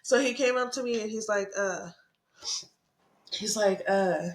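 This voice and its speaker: A young woman co-hosting a podcast tells a story in casual chat, her voice sitting a little high. She laughs often, swears freely and acts out what others said. The room is echoey. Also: moderate pace, a bit bright. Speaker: podcast co-host.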